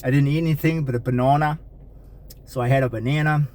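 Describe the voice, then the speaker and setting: A man's voice: medium pitch, fairly even intonation, quick pace, darkish tone. A man talking candidly to camera in a casual personal vlog, rambling with frequent fillers and restarts. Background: faint rain.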